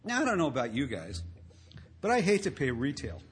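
A man speaking to an audience about his drinking, telling wry stories in a conversational way that swells to loud emphasis. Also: a little high, big pitch swings, a little fast, breathy edge. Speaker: recovery speaker. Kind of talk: storytelling talk to an audience.

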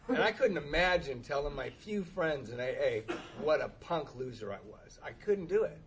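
A man's voice: fairly high pitch, lively intonation, moderate pace, hardly any pauses, a little hiss or hum. A man telling a humorous personal recovery story, acting out the dialogue and laughing often at himself. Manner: self-deprecating, laughs often, acts out dialogue. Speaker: speaker sharing a recovery story.

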